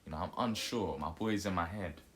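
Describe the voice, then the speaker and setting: A man's voice: sits low, a little fast, slight background noise. A young man telling a story in a casual, jokey way and acting out the quotes. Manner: animated, jokey, acts out quotes.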